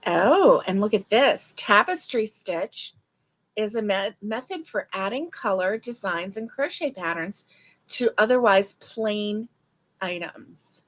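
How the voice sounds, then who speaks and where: A woman's voice: mid-range voice, animated, slow pace. A woman hosting a casual crochet livestream, reading stitch descriptions aloud and reacting with delight.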